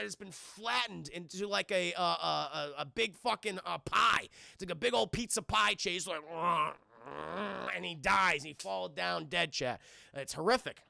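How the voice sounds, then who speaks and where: A man with a bright, heavily gravelly voice talks his viewers through a film scene by scene. He rambles, swears freely and jumps all over his high range. The close mic sounds dry. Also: no echo. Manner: animated, profane, rambling with many fillers. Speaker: streamer reviewing films. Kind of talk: casual scene-by-scene recap to a live chat.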